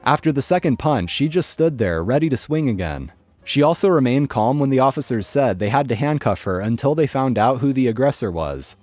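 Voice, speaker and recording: A man narrating online stories in a scripted, expressive way. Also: mid-range voice, brisk, no room sound, soft background music. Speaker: story narrator.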